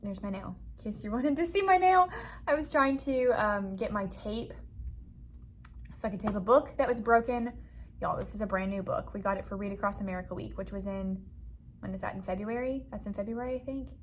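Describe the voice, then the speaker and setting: Talking a little fast in a mid-range voice, a young woman from Florida vlogs casually to camera from her classroom, where she teaches first grade. She laughs easily and leans on "y'all" and "like," with slight background noise indoors.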